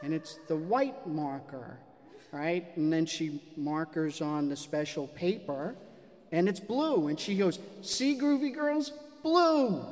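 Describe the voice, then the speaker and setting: High-voiced man telling a story. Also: measured pace. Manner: animated, self-mocking. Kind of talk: live storytelling. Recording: long hall reverb.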